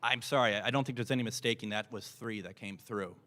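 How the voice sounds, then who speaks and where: In a fairly low voice that sounds pushed and bright, a paranormal investigator talks fast and casually to a live convention audience. He's chatty and enthusiastic, often starting sentences over, speaking into a microphone in front of him; the panel room recording is noisy and has clicks.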